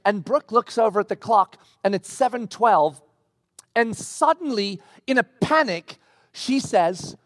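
A middle-aged male pastor preaching, telling a personal story with lively, acted-out bits. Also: high voice, measured pace, no echo, studio quality. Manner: animated storytelling with acted-out quotes. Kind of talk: sermon. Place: church.

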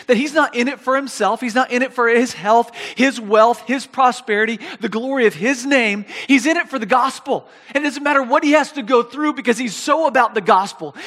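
A man preaching a sermon, animated and reading scripture aloud, often repeating his words. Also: extremely high pitch, long reverb tail.

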